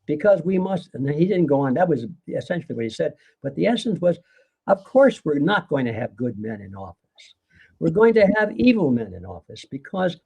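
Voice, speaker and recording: Gravelly older man lecturing earnestly. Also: on the high side, a little mellow. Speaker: guest author. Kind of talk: live conversation.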